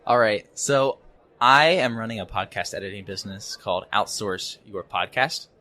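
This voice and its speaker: A young man as a podcast guest, talking haltingly with many fillers and repeated words at a conference. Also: fairly low pitch, sharp tone. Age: young adult. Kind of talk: casual interview chat. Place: conference venue.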